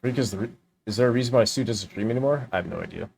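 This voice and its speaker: A man's voice: medium pitch, very fast, creaky, a little mellow, husky. A young man streaming, giving a heated, profane reaction rant. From United States. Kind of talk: ranting reaction commentary.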